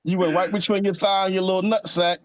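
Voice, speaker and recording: A man's voice: sits high, flat delivery, fast, background noise. A man co-hosting a podcast in casual chat, teasing and crude. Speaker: podcast co-host.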